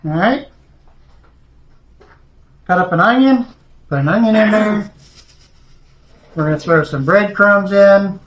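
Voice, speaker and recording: A man's voice: high voice, takes it slowly, long pauses, a bit bright. A man hosting a home cooking video, talking the viewer through a recipe in a folksy, chatty way from his kitchen. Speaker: home cooking show host. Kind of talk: casual cooking demonstration. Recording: echoey room.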